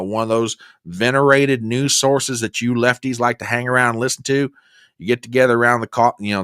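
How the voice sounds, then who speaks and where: A man's voice: medium pitch, a bit bright, no echo, clean studio sound. A man hosting a political commentary show, ranting with exasperated sarcasm. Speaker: host.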